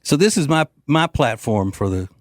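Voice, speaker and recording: Very animated and speaking at normal speed, a mid-range male host delivers a political talk show monologue into a studio mic, with no echo. It's brash, joking, and rambling, with fillers throughout.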